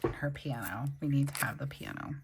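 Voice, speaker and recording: In a casual plan-with-me video, a young woman running a planner channel decorates her planner and raves about stickers while recovering from a migraine. She has a very deep voice at normal speed, against a noisy background.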